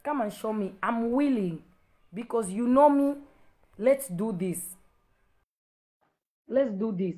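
A woman's voice: a little high, expressive, slow pace, pauses often, warm tone, rough recording. Zambian woman preacher, combative and preachy, talking to a live chat audience. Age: adult with school-age children. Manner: confrontational, preachy, repetitive challenges. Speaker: Christian preacher on a live video. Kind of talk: livestream address to viewers.

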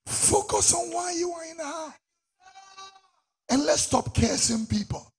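A middle-aged man with a Ghanaian English accent, preaching a sermon as a prophet, with sudden shouted peaks. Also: very high voice, animated, a little slow, creaky.

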